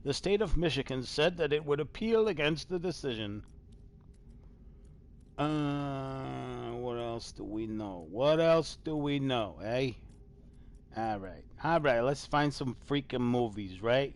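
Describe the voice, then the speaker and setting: A man hosting a live gaming stream, reading old headlines in a loose, rambling way. His voice sits at an ordinary middle pitch, jumping from loud exclamations to muttered asides, and he swears casually. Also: lively intonation, normal speed, a little hiss or hum. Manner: rambling, swings between loud exclamations and mumbling. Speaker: host.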